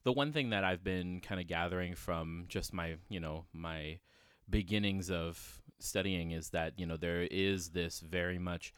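A man's voice: low voice, unhurried, a bit bright, clear, resonant tone, no echo, studio quality. A man co-hosting a podcast in casual chat, playful and jokey, often trailing off mid-thought. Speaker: podcast co-host.

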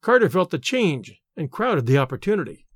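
Guy narrating an old short story, expressive, dry close sound. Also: fairly high pitch, normal speed, no echo. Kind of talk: audiobook narration.

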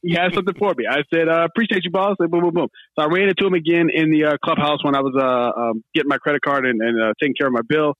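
A man hosting a podcast, telling a story in a casual, animated way and acting out what others said. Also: on the high side, very fast, hardly any pauses, no room sound, lo-fi sound. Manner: animated, laughing storyteller, acts out quotes. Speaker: podcast host.

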